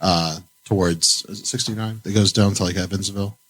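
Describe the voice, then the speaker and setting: A man's voice: deep voice, fairly even intonation, brisk, a bit bright, slightly rough. A young man from Indiana co-hosting a podcast, telling stories in casual chat and laughing often. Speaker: podcast co-host.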